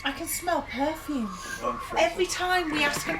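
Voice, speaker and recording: A woman's voice: sits high, moderate pace, loud music behind the voice. A woman presenting a paranormal investigation, frightened and exclaiming as she calls out to spirits. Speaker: ghost-hunt presenter. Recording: distant mic, loud background noise.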